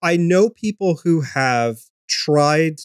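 A man's voice: a little high, lively intonation, takes it slowly, smooth, no room sound, studio quality. A man, a podcast host, answering questions in a casual, rambling way, with lots of ums and restarts. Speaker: podcast host being interviewed. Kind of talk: casual conversational interview.

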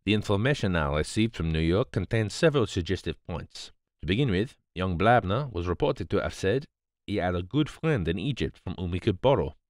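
A man voicing a calm, precise male detective who explains in a placid, grave, measured way. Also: deep voice, no echo, studio quality.

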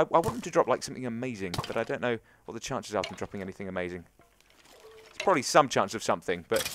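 A man's voice: medium pitch, fairly bright tone, slight background noise. A young man hosting a gaming channel, chatting and rambling through a let's play commentary to his viewers and to the creatures in the game.

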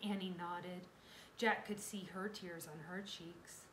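Woman reading a kids' chapter book, expressive, in an echoey room with faint hiss. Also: on the low side, takes it slowly. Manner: expressive, dramatic storytelling. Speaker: reader. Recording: roomy echo, faint background noise.

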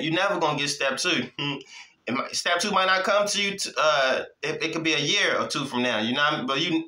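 A man's voice: fairly high pitch, bright, forceful tone, roomy sound, rough recording. A man teaching the Bible in a casual, street-style way, repeating his points, prompting listeners with "hmm?" and laughing between lines. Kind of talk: informal preaching.

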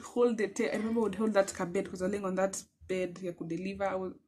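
A young woman with a Kenyan accent telling a personal story in a vlog, animated and emphatic, mixing in Swahili phrases. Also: mid-range voice, fast, husky. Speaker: vlogger.

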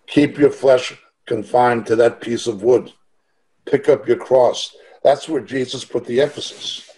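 A man's voice: mid-range voice, measured pace, a little mellow. A middle-aged man teaching the Bible over a video call, earnest and emphatic, asking rhetorical questions as he preaches.

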